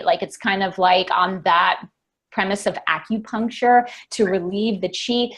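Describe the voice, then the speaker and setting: A woman coach speaking as an interview guest. She explains at a steady, measured pace, with plenty of ums and you-knows. Her voice is mid-pitched. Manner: measured explainer with frequent fillers.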